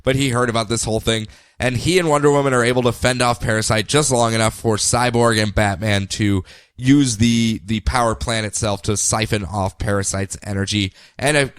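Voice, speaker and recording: A man hosting a podcast, casually recapping comics in a jokey, animated way. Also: medium pitch, no room sound, clean studio sound. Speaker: podcast host.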